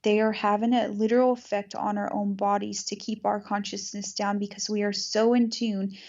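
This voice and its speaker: A woman's voice: mid-range voice, flat delivery, normal speed, darkish tone, lo-fi sound. A woman hosting an interview, talking earnestly in long flowing runs in a casual spiritual conversation. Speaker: podcast host.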